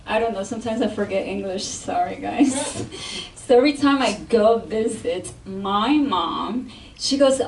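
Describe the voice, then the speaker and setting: A woman's voice: on the high side, lively intonation, measured pace, a little mellow. A woman trying out a stand-up bit in a comedy class, playful and laughing at herself. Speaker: comedy student. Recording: echoey room, mic far off.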